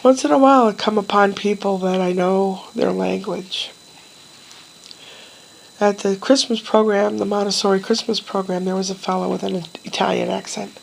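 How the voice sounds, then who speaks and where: A middle-aged woman vlogging casually, telling a rambling personal story in a meandering, wistful way with pauses and trailing sighs. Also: mid-range voice, fairly even intonation, vocal fry, slight background noise, rough recording.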